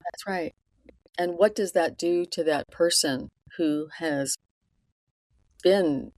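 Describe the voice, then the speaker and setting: A woman's voice: fairly low pitch, slow, darkish tone, no echo. A woman co-hosting a podcast, discussing a film earnestly and murmuring agreement while her co-host talks.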